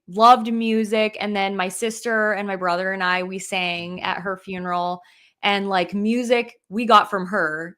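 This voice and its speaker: A young adult podcast co-host with a medium-pitched, somewhat bright voice shares a personal story in relaxed conversation. She is openly emotional and says "like" over and over.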